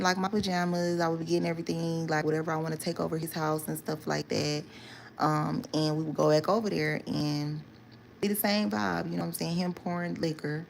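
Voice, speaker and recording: A woman's voice: deep voice, vocal fry, slight background noise. A young woman telling a story to her viewers in casual chat, chatty and loose with slang, fillers and "right?" asides. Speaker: storytime vlogger.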